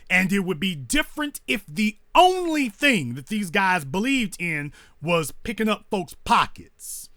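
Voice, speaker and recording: A man's voice: high voice, huge pitch swings, moderate pace, hardly any pauses, a bit bright, no room sound, studio quality. A man hosting a commentary monologue, repeating his points with rhetorical emphasis like a preacher and sounding indignant and scornful. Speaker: host.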